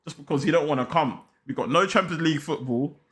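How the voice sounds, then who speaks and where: A man's voice: fairly high pitch, fast, a bit bright. A young man hosting a casual football chat, slangy and hyped, talking straight to his viewers. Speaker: football channel host.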